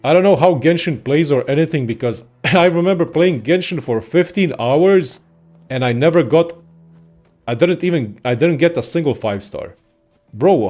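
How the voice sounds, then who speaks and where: Young male gaming creator, a bit high-voiced, excitable and profane, rambling chat, faint music underneath. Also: moderate pace. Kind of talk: casual gaming rant.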